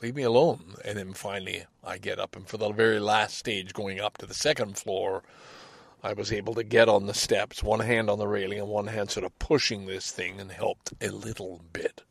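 A man's voice: fairly low pitch, flat delivery, normal speed, gravelly, no echo. A man from Canada hosting a podcast, talking alone in a casual, rambling and candid way with frequent restarts and the odd swear word. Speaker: podcast host. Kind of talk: casual solo monologue.

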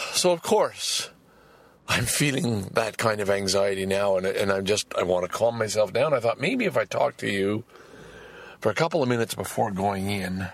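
A man speaks frankly into a personal audio diary for his podcast, his voice on the low side and expressive. He talks haltingly, repeating words and starting sentences over, and there's no echo.

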